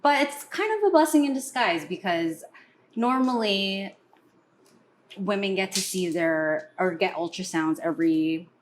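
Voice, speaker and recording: A woman guest chatting casually, calm and measured with frequent fillers. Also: mid-range voice, slight background noise. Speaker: panel guest. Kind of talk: casual chat.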